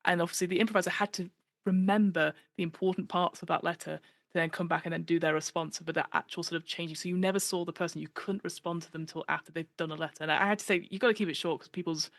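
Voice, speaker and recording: A woman guest on a podcast chatting casually, animated and given to acting out the voices she quotes, with plenty of fillers. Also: fairly low pitch, fast, vocal fry, no echo.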